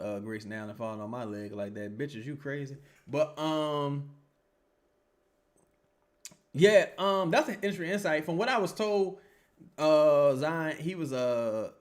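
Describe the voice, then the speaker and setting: A man hosting a casual live stream, reacting to a basketball game with profane, heckling commentary and reading viewer comments aloud. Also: medium pitch. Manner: profane, animated, heckling players. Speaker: sports livestream host.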